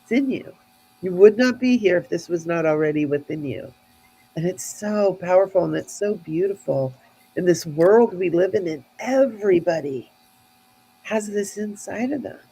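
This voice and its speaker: A woman's voice: fairly low pitch, lively intonation, normal speed, warm tone, slightly rough, rough recording. A woman telling a spiritual story in an earnest, heartfelt way, often restarting her sentences.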